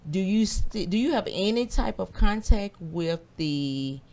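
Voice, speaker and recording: A woman's voice: medium pitch, animated, measured pace, a little mellow, a little hiss or hum. A woman hosting an interview, recapping her guest's story and asking follow-up questions. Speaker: host.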